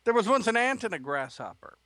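A man's voice: high voice, big pitch swings, fairly bright tone, no echo, voice pushed up. A man doing a pompous proverb-spouting father. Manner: slow and pronouncing.

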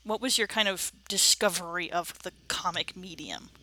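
A woman's voice: on the low side, moderate pace, bright, forceful tone, a little hiss or hum, low-quality recording. A woman moderating a panel, easygoing and asking open questions. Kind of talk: casual panel chat.

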